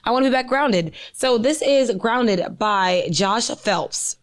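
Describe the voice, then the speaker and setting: A woman co-hosting a podcast in loose, profane casual chat, animated and fond of reading aloud. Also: fairly high pitch, takes it slowly. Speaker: podcast co-host.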